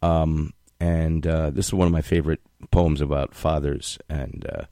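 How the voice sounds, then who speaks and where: Gravelly low-voiced man telling stories. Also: little pitch movement, normal speed, dark tone, dry recording, studio quality. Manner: storytelling, acts out voices in anecdotes. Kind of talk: casual chat.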